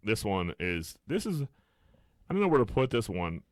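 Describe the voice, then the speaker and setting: A man co-hosting a casual podcast, cursing freely and acting out what people said. His pitch swings widely, and the room around him sounds dry and close. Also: a little slow, no room sound. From Pittsburgh area. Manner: animated, swearing, acts out quotes. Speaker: podcast co-host. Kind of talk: casual chat.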